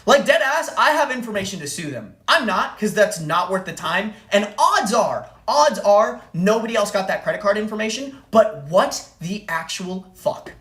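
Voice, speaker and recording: Ranting woman streamer, lively pitch. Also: normal speed, few pauses, echoey room. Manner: angry, profane ranting with repeated phrases. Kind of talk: ranting live-stream story.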